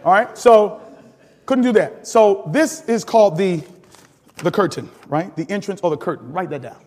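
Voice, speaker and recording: A man's voice: high-pitched, expressive, normal speed, darkish tone, in a large hall. A man pastor teaching a sermon with call-and-response, laughing often and building to sudden emphatic rises.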